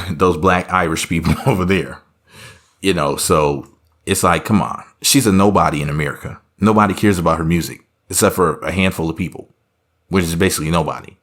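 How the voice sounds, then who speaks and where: A man's voice: deep voice, a bit bright. A man giving casual reaction commentary, rambling and sarcastic, full of offhand asides.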